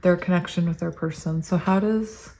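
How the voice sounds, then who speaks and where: A woman's voice: fairly low pitch, fairly even intonation, normal speed, warm tone. A woman giving a casual tarot reading to her viewers, chatty and gushing, thinking aloud as she goes. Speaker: tarot reader.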